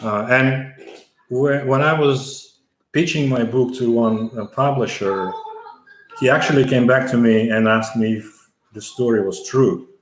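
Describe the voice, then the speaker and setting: A man's voice: medium pitch, unhurried, a little hiss or hum. A middle-aged man from the former Soviet Union, telling a long story as an interview guest, with many fillers and restarts. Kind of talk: conversational storytelling. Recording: echoey room.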